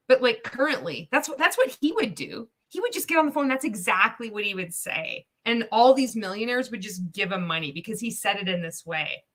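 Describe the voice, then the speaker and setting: A woman's voice: on the high side, sharp tone. A woman hosting a casual live-stream reaction, sarcastic, swearing freely and laughing often as she comments. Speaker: livestream reaction host.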